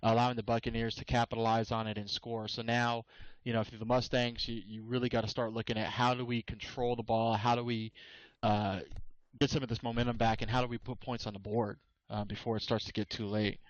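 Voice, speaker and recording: A man's voice: medium pitch, flat delivery, a little fast, no room sound, dull audio. A man doing easygoing color commentary on a football game, with frequent fillers and hedges. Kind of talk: casual game analysis.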